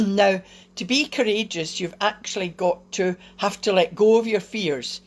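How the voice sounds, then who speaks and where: A woman's voice: medium pitch, a little slow. A woman giving a casual motivational talk on a live video from home, chatty and encouraging, with small laughs and fillers. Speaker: host of a live wellbeing video.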